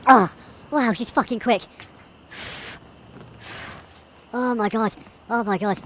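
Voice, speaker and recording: A woman's voice: a little high, wildly swooping pitch, unhurried, long pauses, slight background noise. A woman giving let's play commentary while playing a horror game, panicky, swearing constantly and laughing nervously, with game music behind her.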